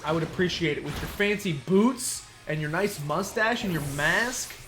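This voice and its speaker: A man's voice: high voice, lively intonation, moderate pace, fairly bright tone. A man giving casual, playful commentary while playing a video game, chatting and muttering asides. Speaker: let's play streamer. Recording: faint game music behind.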